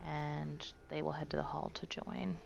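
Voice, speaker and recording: A woman's voice: low voice, little pitch movement, a little slow, vocal fry, a little mellow, highs cut off, faint music behind. A woman playing a tabletop game, describing her character's actions casually. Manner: casual, laughing easily. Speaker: player.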